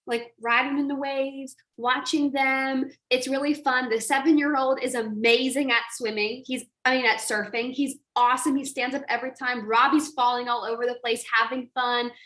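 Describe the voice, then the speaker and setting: A woman coach telling an animated story on a live stream, acting out quotes and laughing often. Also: high voice, moderate pace, hardly any pauses, roomy sound. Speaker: online business coach.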